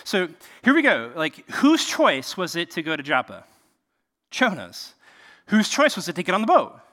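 Guy preaching a sermon, high bright voice, chatty w/ lots of questions, echoey recording. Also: wildly swooping pitch, brisk. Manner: conversational, rhetorical questions, frequent "like". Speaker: pastor. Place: cramped enclosed space.

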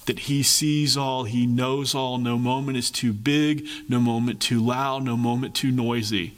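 A man preaches a sermon in an earnest, mid-pitched voice. He leans on repeated phrases and shifts between rushing and slowing down. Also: steady tone, long reverb tail. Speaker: pastor.

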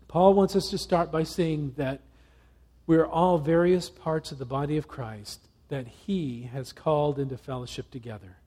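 A male pastor delivers a sermon in an earnest, measured way. His voice sits a little high yet sounds soft and mellow. It has a gentle huskiness. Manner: earnest, reads passages aloud with pauses.

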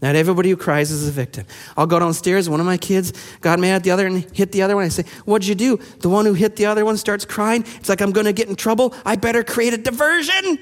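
A man preaching a sermon, reading scripture aloud and explaining it in an animated way, acting out the quoted voices. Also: sits high, fast talker, hardly any pauses. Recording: long hall reverb.

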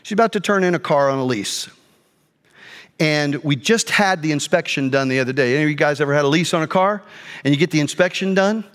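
A middle-aged male pastor telling a personal story in a sermon, animated, jumping between quiet asides and loud outbursts. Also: on the high side, fast talker. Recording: long hall reverb.

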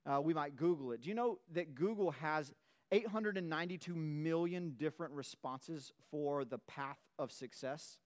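A middle-aged man, preaching a sermon in a relaxed, conversational way and telling a playful story from his youth. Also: on the high side, normal speed. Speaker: pastor.

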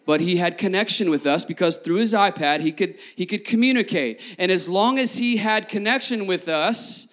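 A man in his thirties, a pastor preaching a sermon to his congregation, telling stories lively, repeating phrases and talking straight to the crowd. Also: sits high, normal speed, hardly any pauses. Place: church before a congregation.

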